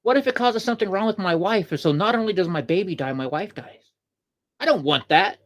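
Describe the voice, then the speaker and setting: A man's voice: sits high, lively intonation, a little fast. A man hosting a livestream show, giving heated, rambling political commentary, repeating himself and answering viewers in the chat. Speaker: host.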